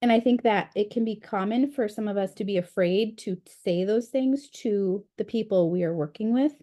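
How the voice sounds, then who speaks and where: Mellow-voiced woman leading a book study. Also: mid-range voice, normal speed. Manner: chatty and candid, with frequent fillers. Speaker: book study group leader. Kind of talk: casual group discussion.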